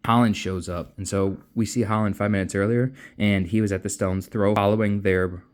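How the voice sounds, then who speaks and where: A man's voice: fairly low pitch, fairly even intonation, normal speed. Chatty man recapping a book plot. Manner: chatty, offhand storytelling. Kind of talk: casual plot recap with voiced quotes.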